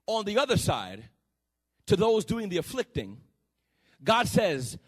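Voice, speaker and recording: A pastor preaching a sermon in church, swinging from quiet teaching to loud, sing-song calls and repeated phrases, and voicing his own imagined questions to God. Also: high voice, very animated, a little slow, slightly rough. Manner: acts out dialogues with God in a plain questioning voice. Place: church sanctuary.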